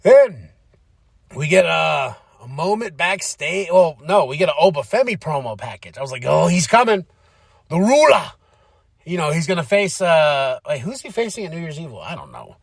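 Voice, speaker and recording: Animated man recapping wrestling. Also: fairly high pitch, normal speed, gravelly, breathy edge, no room sound, studio quality. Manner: animated, acts out quotes in shifting voices. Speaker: podcast host.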